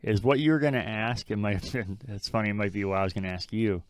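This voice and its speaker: Male podcast co-host, casual and frank, smooth low voice, dry studio sound. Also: fast talker, no echo. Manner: rambling, frank, swears casually. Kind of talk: casual chat.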